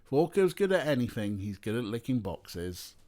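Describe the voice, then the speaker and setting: A man's voice: mid-range voice, sing-song, moderate pace, music in the background. A young man streaming, chatting casually and talking to his cats as he plays. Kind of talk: casual live-stream chat.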